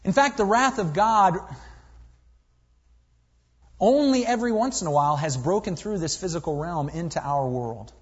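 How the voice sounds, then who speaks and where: A man preaching a sermon, reading scripture with swelling emphasis and dropping low and quiet at times. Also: animated, normal speed, long pauses, breathy edge. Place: church sanctuary. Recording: dull, lo-fi recording in a reverberant hall.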